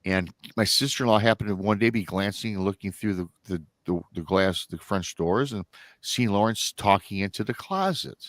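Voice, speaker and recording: A man's voice: on the low side, normal speed, no echo. Rambling man telling a family story. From Michigan. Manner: rambling, with restarts and acted-out quotes of family members. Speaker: guest storyteller. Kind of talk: casual storytelling on a live stream.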